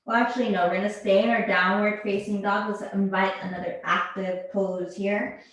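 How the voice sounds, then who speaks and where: A woman instructor guiding a yoga class, calmly calling out poses and breaths. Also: medium pitch. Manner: slow, calm cueing of poses and breath. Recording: very echoey room.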